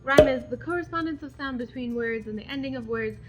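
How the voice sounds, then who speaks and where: A woman's voice: high-pitched, brisk, over loud music. A young woman hosting a casual educational video, chatting through poetic terms and reading out examples. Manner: chatty, explains terms then reads examples aloud. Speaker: poetry video host.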